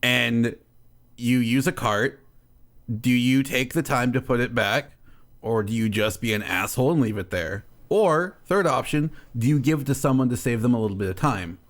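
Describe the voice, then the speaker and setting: A man's voice: medium pitch, moderate pace. A man co-hosting a podcast who teases and riffs on jokes in casual chat. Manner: playful, teasing, riffs on jokes. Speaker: podcast co-host.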